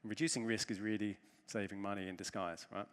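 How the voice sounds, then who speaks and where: A man giving a conference talk, telling a self-deprecating story with lively humor from the stage. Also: lowish voice, fast, smooth. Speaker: conference speaker. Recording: long reverb of a large hall.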